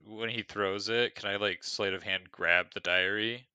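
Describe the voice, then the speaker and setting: A man's voice: fairly low pitch, fairly even intonation, a little slow, bright, forceful tone, clean tone, no room sound, muffled recording. A man playing a tabletop game, talking casually and a bit hesitantly, partly in character. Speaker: player.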